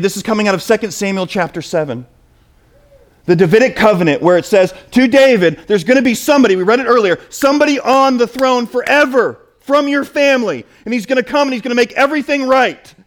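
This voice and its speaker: A man's voice: high-pitched, fairly quick. A man preaching a sermon and reading scripture, emphatic, often putting questions to his listeners. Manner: emphatic, asks the audience questions.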